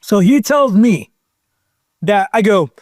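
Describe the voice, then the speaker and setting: High-voiced rambling storyteller man. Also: slow, no echo, clean studio sound. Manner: rambling, animated storyteller who acts out quotes. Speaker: podcast guest. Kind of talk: casual storytelling chat.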